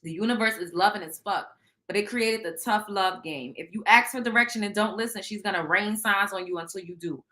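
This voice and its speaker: Brisk and medium-pitched, this show host talks loosely with her audience while reading out tarot cards, keeping things loud, lively and full of swearing.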